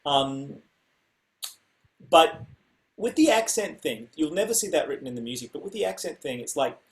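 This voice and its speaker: A man's voice: on the high side, animated, moderate pace, poor audio. A man giving an online music lesson, talking casually and explaining rhythms by singing them out, over a video call mic. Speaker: music teacher.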